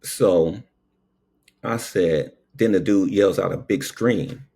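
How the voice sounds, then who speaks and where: A man's voice: deep voice, slow, gravelly, dark tone, slightly rough. A man who works as a paramedic, telling a story in a casual, preachy monologue and tagging his lines with "okay?".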